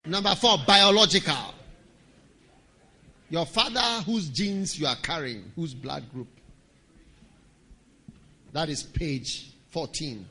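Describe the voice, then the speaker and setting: A middle-aged man, preaching a sermon as pastor, emphatic and sometimes shouting. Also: on the high side, animated, slow pace, long pauses.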